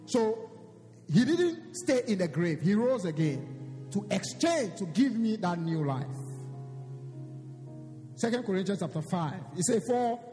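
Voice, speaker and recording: High-pitched lively preacher in a hall. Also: male voice, a little slow, pauses often, faint music behind. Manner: preaching with scripture reading and call-and-response emphasis. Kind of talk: sermon.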